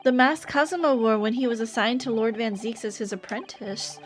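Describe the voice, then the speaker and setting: A woman's voice: a little high, brisk, faint music behind, natural voice. A woman voicing an earnest young male law student in a polite, hesitant way while reading a game aloud.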